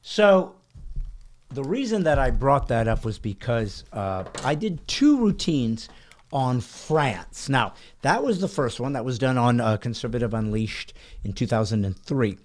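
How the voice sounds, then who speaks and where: A male podcast host chatting in a loose, conversational way. His pitch moves around a lot as he talks, and he often stops to correct himself. His voice sits at an ordinary middle pitch for a man. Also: measured pace. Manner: animated, chatty, self-correcting. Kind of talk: casual podcast chat.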